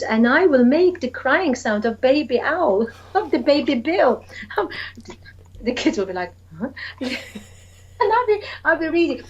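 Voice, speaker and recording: Woman teacher chatting about storybooks, a bit high voiced, muffled lo-fi sound. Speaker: early years educator. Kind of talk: casual chat about reading to children.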